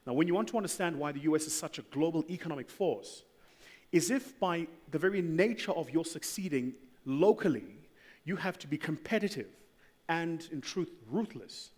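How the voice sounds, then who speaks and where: A man speaking on a panel, emphatic and opinionated, his loudness rising and falling as he argues. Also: a little high, lively intonation, normal speed. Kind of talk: animated panel talk. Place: large event hall. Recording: long hall reverb.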